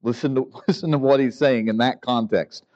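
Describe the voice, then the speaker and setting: A male pastor preaching a sermon in a lively, conversational way, sometimes acting out the people in the story. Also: medium pitch, normal speed. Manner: animated, acts out the grumbling disciples. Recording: dull lo-fi sound.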